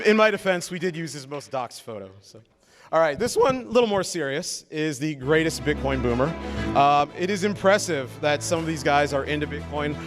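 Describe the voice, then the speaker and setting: Joking awards host with a stammer. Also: male voice, a little high. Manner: joking, stammering, reads nominee quotes aloud. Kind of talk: live awards presentation at a party. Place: after-party at a conference.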